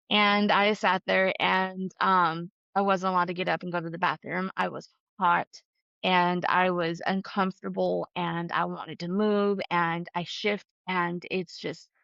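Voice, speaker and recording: A woman's voice: lowish voice, steady tone, unhurried, vocal fry, fairly bright tone. A woman speaks as a guest on a podcast, talking openly and with feeling, often with "um" and "you know". The audio sounds muffled and lo-fi. There is no room echo around her voice. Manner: candid and emotional, with frequent fillers and laughs. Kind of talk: casual conversation.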